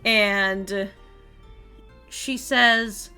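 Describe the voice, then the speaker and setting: Slow-narrating woman game master. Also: mid-range voice, fairly even intonation, fairly bright tone, soft background music. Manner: descriptive, full of fillers like "like" and "um".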